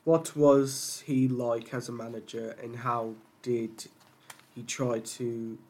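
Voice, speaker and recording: Slow-speaking man asking questions. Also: medium pitch, little pitch movement, darkish tone. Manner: slow, halting on names. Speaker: podcast interviewer. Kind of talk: podcast interview questions.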